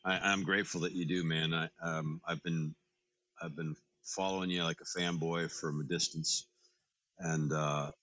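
A man's voice: deep voice, steady tone, moderate pace, pushed and bright, no echo. A man hosting a casual podcast interview, eager and affirming toward his guest. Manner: enthusiastic, affirming, friendly. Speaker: podcast host. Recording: dull, lo-fi audio with faint music.

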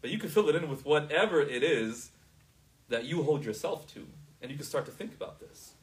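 Guy teaching a class, kinda high voice, keeps asking if they get it, sounds far from the mic. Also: animated, brisk. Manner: asks the class often if they understand.

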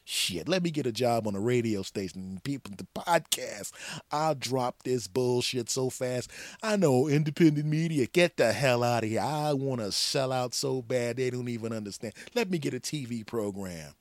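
A man's voice: mid-range voice, normal speed, no room sound. A middle-aged man hosting a comedy podcast, ranting in a mock-arrogant, profane, sarcastic way. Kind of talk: comedic rant sketch.

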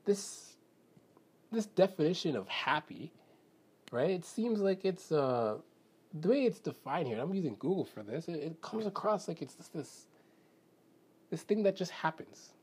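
A man's voice: a little high, sing-song, a little slow, long pauses, darkish tone, slightly rough. A man from Canada talking casually and rambling on his own show, with lots of "right?" and little acted-out quotes. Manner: rambling, many fillers and self-questions, acts out quoted friends. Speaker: podcast host. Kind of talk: casual solo talk on self-help.

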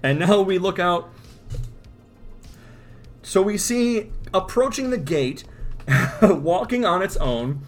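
A man's voice: high voice, lively intonation, slow, pauses often, soft background music. A man co-hosting a podcast in casual chat, describing comic panels aloud and swearing freely. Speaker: podcast co-host.

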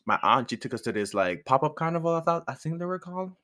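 A young man casually telling a personal story, animated, laughing often and swearing freely. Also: a little high, fast talker. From outside the United States.

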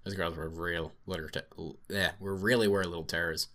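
A man's voice: low-pitched, fairly even intonation, fairly quick, background noise, natural voice. A man voicing a brash, profane male field agent who swears and wisecracks. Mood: wry.

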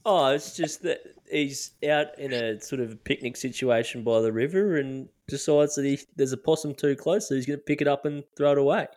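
A man co-hosting a podcast, teasing his friends and quick to laugh in casual banter. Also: medium pitch, darkish tone. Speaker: podcast co-host.

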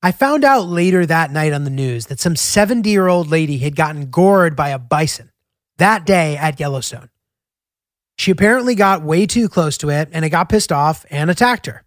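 A man's voice: on the high side, lively intonation, moderate pace, dry recording, studio quality. A young man chatting casually about a road trip, easygoing and full of filler words. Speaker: travel vlogger. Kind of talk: casual travel narration. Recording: voice-over with music bed.

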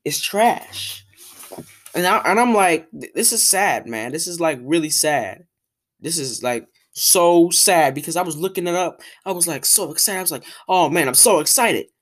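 A young woman hosting a podcast, ranting casually in an exasperated, animated way, full of restarts and fillers. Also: sits low, normal speed. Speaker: podcast host.

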